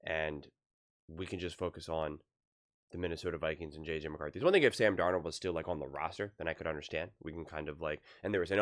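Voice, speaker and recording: A man reacts to a sports debate clip, exasperated and rambling as he talks it through. His voice is low. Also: quick pace. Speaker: YouTube sports commentator. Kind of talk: reaction commentary.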